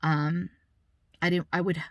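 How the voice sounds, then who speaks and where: A mother telling a story in a casual vlog, emotional and indignant, holding back tears, talking in quick bursts with many restarts. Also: lowish voice, flat delivery, fairly bright tone, no room sound.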